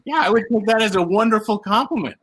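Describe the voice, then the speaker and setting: A man's voice: sits high, fast, a bit bright. A man giving grateful thanks in a casual group Q&A on a video call.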